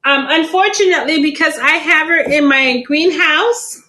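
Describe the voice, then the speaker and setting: A woman's voice: high-pitched, moderate pace, bright, forceful tone, poor audio. A middle-aged woman hosting a live plant sale stream, chatty and laughing often.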